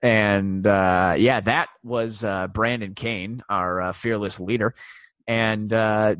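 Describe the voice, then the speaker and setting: Man in his forties, podcast host, lowish voice, dry close sound, rambling with lots of fillers. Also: fairly even intonation, slow, fairly bright tone, clean tone, no room sound. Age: 40s. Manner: rambling, many fillers and restarts. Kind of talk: casual sports podcast chat.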